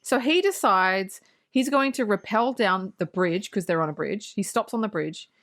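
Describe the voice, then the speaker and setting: A woman's voice: mid-range voice, expressive, moderate pace, a bit bright. A woman co-hosting a podcast, recapping a movie plot in casual chat with sarcastic, swear-filled asides. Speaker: podcast co-host.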